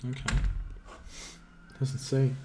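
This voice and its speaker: A game streamer thinks aloud in casual, swear-heavy commentary. His voice sits at an ordinary middle pitch, and a faint hiss runs underneath. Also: level tone, slow pace.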